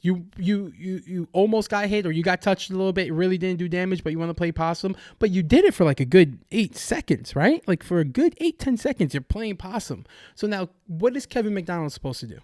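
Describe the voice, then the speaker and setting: A young man hosts a podcast, ranting angrily about sports in a profane, restless way with many restarts. His voice is high-pitched, animated, brisk and slightly mellow, recorded at studio quality with no room sound.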